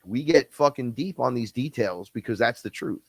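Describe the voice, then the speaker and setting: Casting note: fast-talking, profane man ranting, dry close sound, middle pitch. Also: animated, gravelly, dry recording. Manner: blunt, profane, fast-talking, mimics others. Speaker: podcast guest-host. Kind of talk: casual rant.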